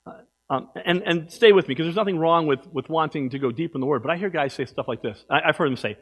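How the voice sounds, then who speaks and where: A man preaching a sermon as pastor in a church, emphatic, swinging from loud exhortation to quiet asides. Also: a little high, quick pace.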